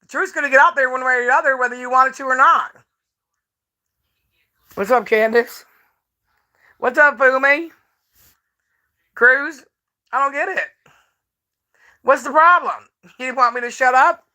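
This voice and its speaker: A woman on a livestream, chatting straight to her viewers with a high, bright voice. She is brash, profane and taunting, and laughs a lot between lines. Her talk is loose and off the cuff. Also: a little slow, long pauses. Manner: laughs often while talking. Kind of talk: casual livestream talk to chat.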